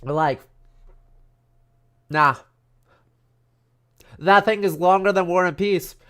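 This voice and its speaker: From his home in the countryside, a history streamer with a congested, stuffy nose gives a casual, joking lecture on a livestream, full of fillers and asides. His high voice sounds pushed, bright, and clean, and he takes it slowly.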